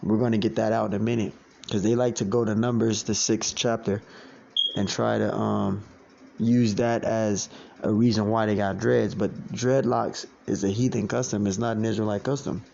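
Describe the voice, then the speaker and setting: A man teaching a religious lesson in a blunt, preachy way, cursing, repeating his points and reading quotes slowly. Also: on the low side, little pitch movement, creaky, darkish tone. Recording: dull lo-fi sound with faint noise.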